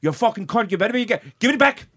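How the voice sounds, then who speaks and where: A man's voice: very high-pitched, animated, rapid-fire, slightly rough, pitched above the performer's own voice, heavily acted. A man voicing a drunk, abusive Irish bar regular in an Irish accent that he admits is bad. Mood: belligerent. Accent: Irish, put on badly. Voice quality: loud, swearing, belligerent.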